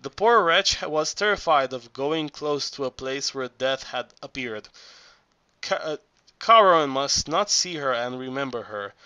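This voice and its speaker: Bright-voiced man reading with stumbles. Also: medium pitch, animated, smooth, dry recording. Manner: halting, frequent restarts and stumbles. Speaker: audiobook narrator. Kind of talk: amateur audiobook reading.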